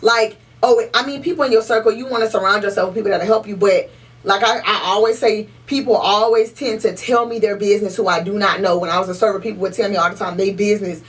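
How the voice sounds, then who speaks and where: A woman's voice: medium pitch, fairly even intonation, quick pace. A young woman co-hosting a podcast in casual chat. She is emphatic and profane and repeats her points for stress. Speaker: podcast co-host. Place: podcast room. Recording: voice a little distant from the mic.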